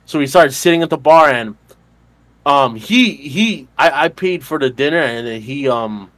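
A man in his twenties, co-hosting a podcast, tells a bar story in casual chat with a medium-pitched, somewhat bright voice, lively intonation and normal speed. He rambles and swears, packing the retelling with fillers and laughs.

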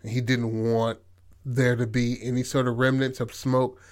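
A man's voice: medium pitch, flat delivery, moderate pace, darkish tone. Loose, profane man retelling a film. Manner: loose and profane, full of "like" and "you know what I mean". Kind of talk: casual retelling of a film plot.

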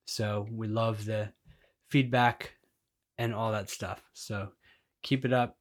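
رجل بصوت منخفض قليلاً يدردش بعفوية. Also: male voice, lowish voice, fairly even intonation, slow pace. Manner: joking, conversational. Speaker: podcast co-host. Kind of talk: casual chat.

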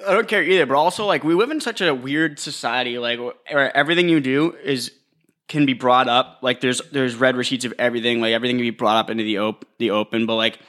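A man's voice: medium pitch, fast talker, a bit bright. A young man co-hosting a podcast, chatting casually in a crude, joking, rambling way. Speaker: podcast co-host. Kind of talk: casual chat.

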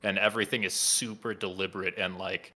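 A man's voice: sits low, little pitch movement, brisk, pushed and bright. A man chatting casually on a podcast, telling wry, rambling stories. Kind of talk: casual chat.

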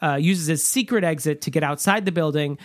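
A man's voice: fairly high pitch, a little fast, no room sound. Dry-voiced man chatting about a film. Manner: chatty, filler-heavy, rambling analysis. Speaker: podcast co-host. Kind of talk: casual film discussion.

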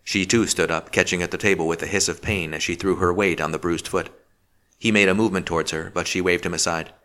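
Deep voiced guy reading an audiobook, steady and measured, bright crisp tone. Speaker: audiobook narrator. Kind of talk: scripted narration.

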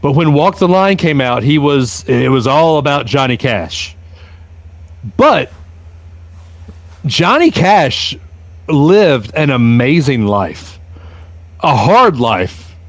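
A man co-hosting a casual talk show, animated and halting as he talks. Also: medium pitch, dry recording. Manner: animated, halting, restarts a lot. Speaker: co-host. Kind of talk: casual chat.

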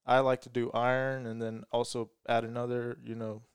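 Male guest, small-business owner, easygoing with fillers, smooth voice, dry close mic. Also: mid-range voice, level tone, normal speed, no room sound. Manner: explains step by step with many fillers. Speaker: lawn care business owner. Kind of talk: casual chat.

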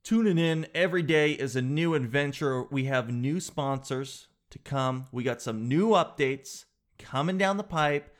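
A man's voice: medium pitch, measured pace. Man, show host, casual rambling monologue, jokey, self-mocking. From Canada.

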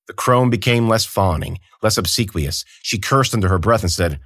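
Expressive male audiobook narrator. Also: low-pitched, normal speed, hardly any pauses, no room sound, studio quality.

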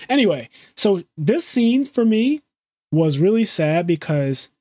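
A man co-hosting a casual chat about a TV show, animated and swearing freely as he quotes the dialogue. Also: high voice, measured pace, dry recording, clean studio sound. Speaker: podcast co-host.

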